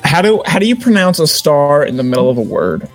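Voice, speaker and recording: A man's voice: a little high, big pitch swings, fairly quick, soft background music. A man giving a comedic dramatic reading of a bad fanfic, often laughing. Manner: laughing, breaking into shouts while reading. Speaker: fanfic reader.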